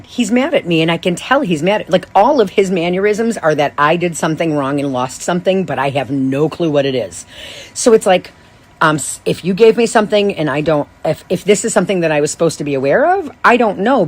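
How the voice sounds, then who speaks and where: A woman in her thirties, a podcast host, telling a rambling, animated story with many restarts and asides. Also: lowish voice, a little fast. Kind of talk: casual storytelling monologue.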